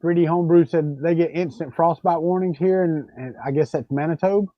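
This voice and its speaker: A man's voice: a little high, fairly even intonation, fairly quick, dry recording, highs cut off. A man co-hosting a livestream chat, joking and telling stories with lots of restarts. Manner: joking, storytelling with repeated restarts. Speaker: livestream co-host. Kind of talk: casual chat.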